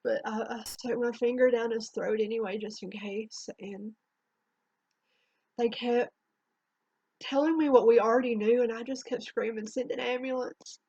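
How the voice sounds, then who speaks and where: A woman telling a painful personal story in a halting, emotional way, her voice trembling near tears, in a dull lo-fi home recording. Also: fairly high pitch, fairly even intonation, dark tone, slightly rough, no echo. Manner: halting, emotional, with restarts and long pauses. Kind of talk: personal spoken testimony.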